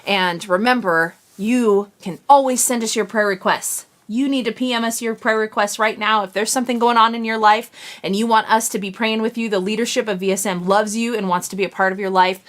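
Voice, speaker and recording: A woman's voice: medium pitch, steady tone, brisk. A woman co-hosting an online youth service, giving announcements and encouraging replies. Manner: encouraging, supportive interjections. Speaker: co-host, pastor's wife.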